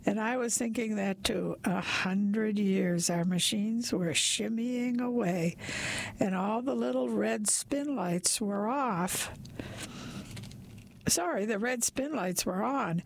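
A woman reads a first-person story aloud, slow and unhurried. Her voice has a gravelly fry, and her delivery is wry and deadpan. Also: medium pitch. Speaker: narrator. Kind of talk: storytelling reading.

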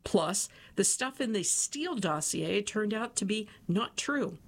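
A woman's voice: medium pitch, animated, measured pace, gravelly. Woman reading an interview aloud.

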